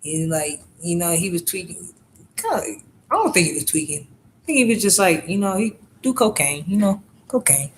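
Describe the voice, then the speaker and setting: A woman's voice: fairly low pitch, big pitch swings, normal speed, a little hiss or hum, low-quality recording. A woman vlogger telling rambling, profane stories in a casual monologue, often asking "you know what I'm saying".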